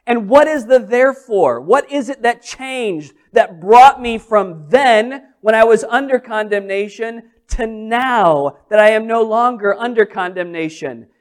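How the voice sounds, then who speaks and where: A pastor delivers his sermon at an unhurried, deliberate pace. He stresses key words and repeats lines for weight. He poses rhetorical questions to his listeners. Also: sits high. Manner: slow, emphatic preaching with repeated phrases and rhetorical questions.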